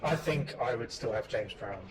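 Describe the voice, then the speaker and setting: A man co-hosting a casual chat, easygoing and jokey, pausing on fillers. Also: medium pitch. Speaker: co-host. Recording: loud background noise.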